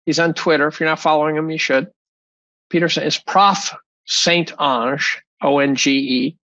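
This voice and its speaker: A man's voice: a little high, fairly even intonation, moderate pace, bright, forceful tone, dry recording, highs cut off. A man, a professor being interviewed, talking casually in a blunt, profane, rambling way with many restarts. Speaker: guest, chemistry professor.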